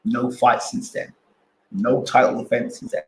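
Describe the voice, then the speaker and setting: A man's voice: medium pitch, steady tone, unhurried, echoey room, low-quality recording. A man hosting a boxing channel live stream, arguing his points with repeated rhetorical questions and answering chat.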